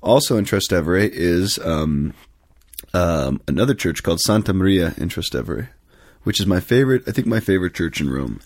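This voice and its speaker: Deep-voiced priest telling rambling stories. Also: male voice, animated, normal speed, darkish tone, dry recording, clean studio sound. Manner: rambling storyteller, many fillers and self-corrections. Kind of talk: casual podcast chat.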